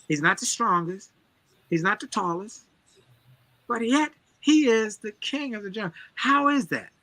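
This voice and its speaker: A man's voice: sits high, lively intonation, unhurried, sharp tone, no room sound. A man giving a motivational talk as an interview guest, driving his points home with emphatic, preacher-like repetition. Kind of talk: energetic motivational storytelling.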